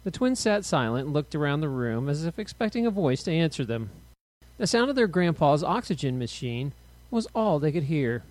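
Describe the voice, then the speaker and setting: An expressive male storyteller reading a spooky tale aloud. His voice sits a bit high and rises and falls freely. The recording is close and dry. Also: moderate pace, no room sound. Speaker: narrator. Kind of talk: audiobook narration.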